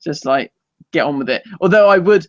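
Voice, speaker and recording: A man co-hosting a casual live podcast, rambling and self-deprecating, quick to laugh. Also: on the high side, lively intonation, creaky, dry recording, highs cut off. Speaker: podcast co-host.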